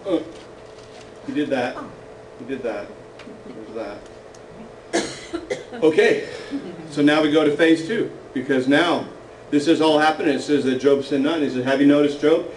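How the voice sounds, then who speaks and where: A man's voice: fairly high pitch, expressive, moderate pace, long pauses, distant mic. A man teaching a casual Bible class to a small group, joking as he reads scripture aloud. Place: meeting room with a small group. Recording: roomy echo, from afar, faint noise.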